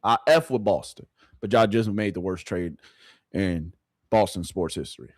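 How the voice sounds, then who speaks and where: A man's voice: low-pitched, normal speed, darkish tone, no echo, clean studio sound. A man streaming live sports reactions, emphatic and repeating his points for emphasis. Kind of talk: casual livestream sports reaction.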